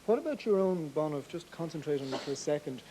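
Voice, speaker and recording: A man hosting a live TV studio interview, brisk and prompting, often dropping in short agreements. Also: a little high, lively intonation, noisy background. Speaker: TV talk show host. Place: TV studio with an audience.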